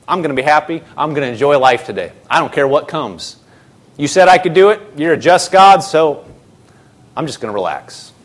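A man preaching a sermon as a pastor, emphatic, repeating phrases and shifting between slow and rushed delivery. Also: sits high.

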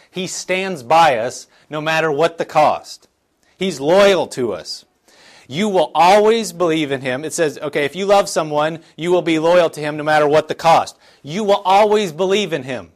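A middle-aged male pastor delivering a sermon in church, his voice sitting a little higher than most men's. He reads scripture slowly and with weight, then drops into plain, earnest explanation full of small restarts. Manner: earnest, conversational preaching with frequent restarts and scripture reading.

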